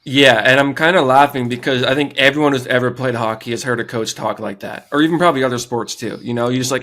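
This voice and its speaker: A male co-host chats about hockey quickly and easily. His pitch sits in the middle. He agrees and adds short points in a casual way. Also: fairly even intonation, bright, forceful tone. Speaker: podcast co-host. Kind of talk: casual sports chat.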